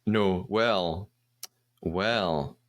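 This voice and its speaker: British man recapping a show, animated. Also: deep voice, extremely slow. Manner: animated storytelling with laughs. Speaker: podcast host. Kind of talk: casual podcast recap.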